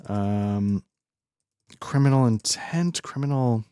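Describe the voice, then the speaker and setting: A man's voice: mid-range voice, takes it slowly, warm tone, clean tone, dry recording, clean studio sound. A man hosting a let's play, chatting casually and rambling through self-deprecating asides while he games. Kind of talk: casual commentary while gaming.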